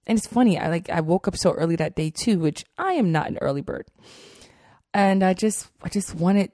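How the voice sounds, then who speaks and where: A woman's voice: lowish voice, expressive, brisk, darkish tone, no echo. A woman hosting a podcast, telling a heartfelt personal story in an earnest way, with many fillers and repeated phrases, on a close mic. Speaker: podcast host.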